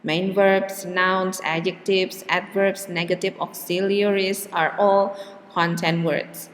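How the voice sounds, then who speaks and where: A woman teaching an English lesson, speaking example sentences slowly and deliberately, with hesitant fillers between points. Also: on the low side, little pitch movement. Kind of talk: recorded classroom lesson. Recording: faint room reverb and background hiss.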